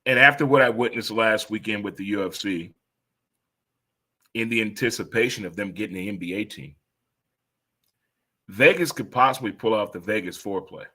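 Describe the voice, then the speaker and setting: A man in his fifties riffs through a casual sports talk monologue in a bright, forceful voice. He rambles and exclaims, jumping into sudden high-pitched outbursts. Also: moderate pace, pauses often. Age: 50s.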